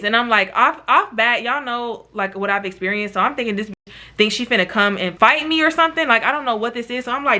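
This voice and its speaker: Animated, bright-voiced woman telling a story. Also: on the high side, quick pace. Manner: animated, dramatic, profane, addresses viewers as y'all. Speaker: YouTube storyteller. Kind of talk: casual storytime.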